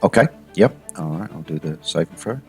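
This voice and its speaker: A man runs a tabletop game with a low but very lively voice that rises and falls a lot. He narrates and rules in a hesitant way and restarts his sentences often. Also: brisk, soft background music. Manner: hesitant, with many restarts and "sort of". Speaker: game master.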